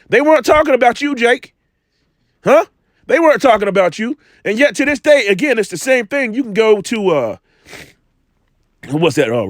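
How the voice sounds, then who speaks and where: A man's voice: high voice, no echo, studio quality. A man with a cold, casually teaching scripture, rambling with many restarts and rhetorical questions. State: has a cold, coughing. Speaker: religious teacher.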